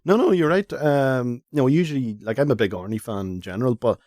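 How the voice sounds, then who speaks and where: A man, a guest on a casual film podcast, laid-back and quick to chuckle. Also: mid-range voice, darkish tone, dry recording, studio quality. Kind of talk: casual film review chat.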